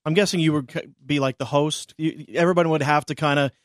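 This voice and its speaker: A man's voice: on the high side, steady tone, fast, no room sound. A man hosting a morning radio show, teasing his co-hosts with dry humor in casual banter. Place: radio studio.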